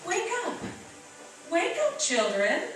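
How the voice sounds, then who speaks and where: A woman's voice: sits high, big pitch swings, slow pace, distant mic, over loud music, full character voice. A woman voicing a caring mother who fusses over her children in an old radio drama. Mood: fussing. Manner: fussing, solicitous. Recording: echoey old radio recording from afar.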